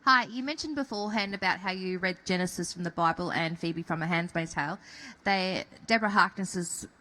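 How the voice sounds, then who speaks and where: A woman fan asking a halting question from the audience. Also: on the low side, sharp tone, a little hiss or hum, poor audio.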